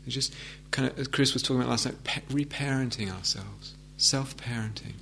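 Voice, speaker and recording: Gentle gravelly-voiced male meditation teacher. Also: mid-range voice, a little fast, a little hiss or hum. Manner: gentle, hesitant restarts, reflective. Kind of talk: dharma talk. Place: meditation hall with audience.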